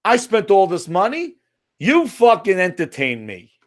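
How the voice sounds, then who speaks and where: An American gaming commentator delivers a ranting monologue about a video game, profane, exasperated and sarcastic. His voice is high-pitched with wildly swooping pitch, and he speaks a little slowly.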